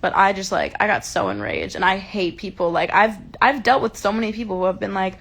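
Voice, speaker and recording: A woman talks straight into a phone held close, hosting a casual livestream. Her voice carries a gravelly fry at middle pitch. She is heated and emphatic, and she swears freely. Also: lively intonation, fairly quick, few pauses, a bit bright. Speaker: livestream host.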